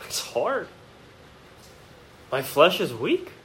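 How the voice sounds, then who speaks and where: A man preaching a sermon from the pulpit of a church, his voice pitched a little high and his intonation rising and falling in wide swings. He speaks straight to the congregation with rhetorical questions. He moves between quiet, reflective moments and impassioned, emphatic bursts. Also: very animated, very slow, poor audio. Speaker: pastor. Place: church sanctuary.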